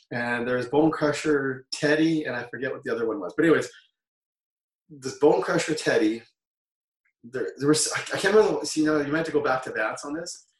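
A Canadian man in his forties spins loose stories as an interview guest, backtracking and correcting himself in an easy, mid-pitched voice. He sits back from the mic in a room that echoes, so he sounds distant and hollow. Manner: rambling, self-correcting, laughs while telling stories. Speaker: guest, former wrestler. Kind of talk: casual interview storytelling.

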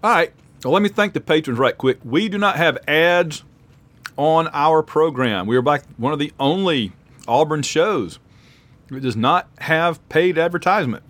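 A man's voice: fairly high pitch, lively intonation, a bit bright. A man hosting a casual sports podcast, reading out supporter names while eating spicy food. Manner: chatty, reads patron names aloud quickly. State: mouth full, eating hot peppers. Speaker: podcast host.

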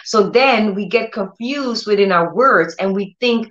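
A woman's voice: medium pitch, a little slow, echoey room, highs cut off. A woman preaching a conversational sermon on her own channel, earnest and repetitive, with many restarts and direct questions to her listeners. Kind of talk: conversational sermon with Bible reading.

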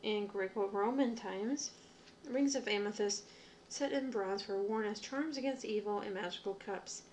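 A woman's voice: medium pitch, moderate pace, a little mellow, a little hiss or hum. A young adult woman, hosting a witchcraft show, reads entries aloud from reference books in a casual way, stumbling now and then and adding asides. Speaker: witchcraft podcaster.

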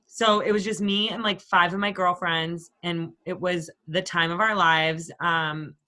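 A woman in her thirties from the Boston area, chatting casually as a podcast co-host. She tells long, rambling stories laced with swearing, in a bright, forceful tone that sits a little low for a woman. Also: fairly even intonation, a little slow. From Boston area, USA. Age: 30s. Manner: profane, rambling storyteller. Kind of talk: casual chat.

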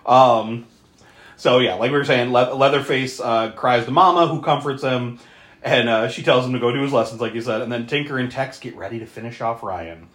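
A podcast co-host casually recapping a movie, animated, laughing often and swearing freely. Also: mid-range voice, normal speed, roomy sound.

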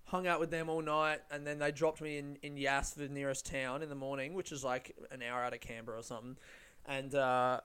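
Rambling young man, smooth voice. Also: mid-range voice, little pitch movement, fairly quick, a bit bright. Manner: rambling, lots of swearing and fillers. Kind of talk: casual storytelling.

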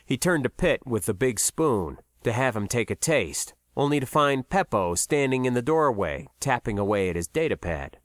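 A man narrating a science fiction story in a measured, expressive way. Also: mid-range voice, dry recording, clean studio sound. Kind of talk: audiobook narration.

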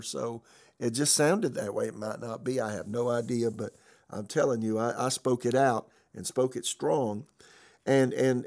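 A man's voice: mid-range voice, darkish tone. A man pastor teaching in a conversational sermon style, telling a personal story with many fillers and restarts.

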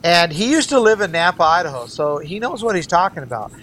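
Appearing as an interview guest, a gubernatorial candidate presses his political views with earnest emphasis, returning again and again to the same phrases. He talks fairly quickly in a high-pitched, expressive, somewhat bright voice, and there's slight background noise.

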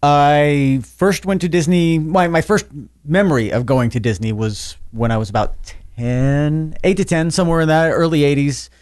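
A man in his forties chatting as a podcast panelist, joking, with excitable bursts. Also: fairly high pitch, moderate pace, no room sound, clean studio sound. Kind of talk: casual chat.

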